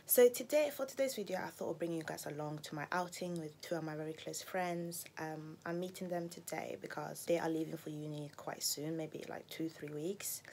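A young woman chats to her camera in a relaxed vlog, her voice sitting on the low side for a woman. She often slips into a soft, half-whispered delivery. A steady background noise runs beneath her. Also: brisk, creaky, few pauses. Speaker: vlogger. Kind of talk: casual vlog talk.

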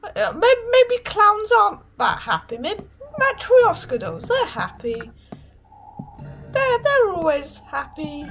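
A high, lively woman's voice, slow and unhurried, playing a horror game with sing-song mock-cheer. Clear game music plays beneath her commentary. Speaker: gaming YouTuber.

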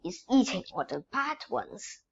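A woman's voice: fairly high pitch, very animated, unhurried, creaky, slightly rough, lo-fi sound, heavily acted. A woman reading a children's storybook and voicing a helpful young girl who is easily disgusted.

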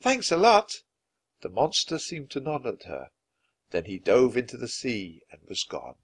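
A man reads a children's adventure story aloud. His delivery is expressive and dramatic. His pitch moves freely over a wide range. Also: moderate pace, breathy edge. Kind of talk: children's book read-aloud.

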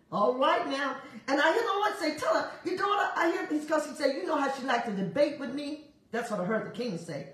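A woman prophetic minister with a high voice delivers a prophetic word on a prayer broadcast. She is animated and laughs often, repeating phrases in a rhythmic preaching cadence, and the very echoey sound suggests a distant mic.

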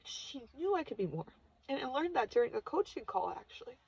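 A woman in her thirties shares a personal story in an emotional, confessional way. Her voice has a gravelly fry and a breathy, husky edge. The recording sounds dull and lo-fi. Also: high voice, very animated, fairly quick, a little mellow. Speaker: vlogger.

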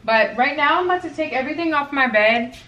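A woman's voice: high voice, animated, fast talker, bright, forceful tone, highs cut off. A woman in her twenties chatting casually in a vlog from her bedroom, rambling with lots of ums and likes. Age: 20s. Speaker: vlogger. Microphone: compact camera in front of her.

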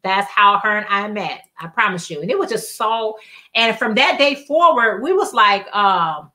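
A woman's voice: medium pitch, lively intonation, a little slow, bright, forceful tone. A woman hosting a casual crafting livestream, telling chatty stories in colloquial speech and reading viewer comments aloud.

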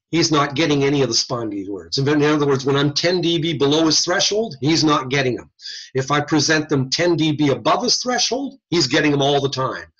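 A man teaching an audiology class in a recorded online lecture, lively and folksy, with casual slang. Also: on the high side, slightly rough, dull audio. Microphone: computer mic on a video call.

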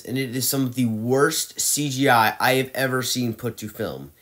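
A man's voice: mid-range voice, fairly even intonation, moderate pace, a bit bright. A man ranking movies in a casual, opinionated monologue, ranting and exasperated, often restarting his sentences. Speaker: movie reviewer.

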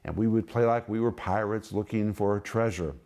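A man's voice: on the low side, normal speed, darkish tone. Emphatic middle-aged male Bible teacher. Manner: emphatic, repeats questions for effect, explains Greek words. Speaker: Bible teacher and ministry host.

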